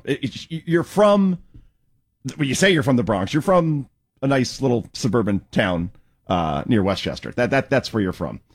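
A man's voice: mid-range voice, slightly rough. A man hosting a talk show, giving sarcastic, mocking political commentary.

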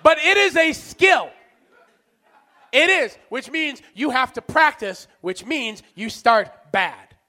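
A man with a very high, bright voice performs stand-up comedy. He mocks himself and snaps into shouted punchlines. His tone stays sharp and forceful. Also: animated, slow. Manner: self-mocking with abrupt shouted punchlines.

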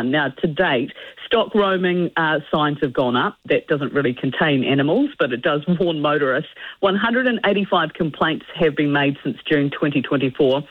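A woman's voice: low-pitched, no room sound. A woman reporting rural news to radio hosts, chatty with laughing asides. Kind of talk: phoned-in news chat. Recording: tinny phone line.

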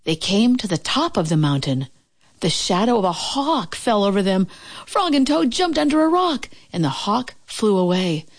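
A woman reading a children's storybook aloud in a gentle, expressive way. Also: medium pitch, normal speed. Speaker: narrator.

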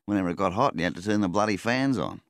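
A man voicing a jovial older father spinning a yarn over drinks in a storybook reading, hearty and quick. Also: lowish voice, no echo, clean studio sound, pitched above the performer's own voice, lightly acted.

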